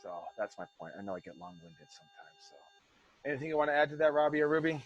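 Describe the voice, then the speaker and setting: A man's voice: a little high, expressive, quick pace, lo-fi sound. A man coaching wrestling students over a video call, rambling and passionate, swearing freely. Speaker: wrestling school head coach. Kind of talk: casual online class talk.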